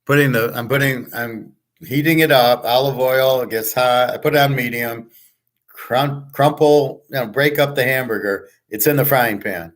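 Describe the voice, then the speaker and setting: A man's voice: medium pitch, moderate pace. A middle-aged man hosting his own show, talking casually in a blunt, digressive way and swearing often. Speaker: host. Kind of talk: casual rambling talk.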